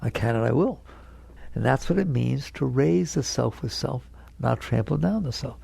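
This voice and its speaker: A spiritual teacher lectures an audience in a medium-pitched, gravelly, mellow, slightly rough voice, animated and at normal speed. He speaks emphatically, repeats key words, and acts out inner voices in quotes with a chuckle. The recording has no echo.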